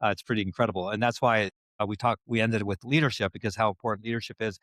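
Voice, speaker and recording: A male podcast host with a low voice asks loose, rambling questions and recaps the conversation at a fast clip, often restarting mid-sentence. The sound is dry and close. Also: steady tone, a bit bright, no room sound. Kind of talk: casual podcast interview.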